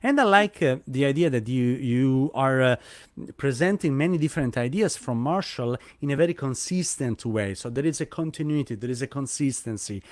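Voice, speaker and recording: A man's voice: medium pitch, expressive, normal speed, no echo. A man hosting a live online event over a video call, speaking English as a with frequent fillers and restarts. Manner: hesitant, many fillers and restarts. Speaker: host.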